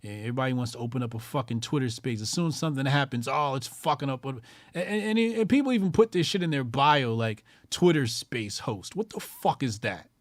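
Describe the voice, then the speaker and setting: A man's voice: mid-range voice, animated, fast, no room sound. Profane, ranting man with a dry close sound. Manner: loud, profane, mocking, repeats lines for emphasis. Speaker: host of a call-in show.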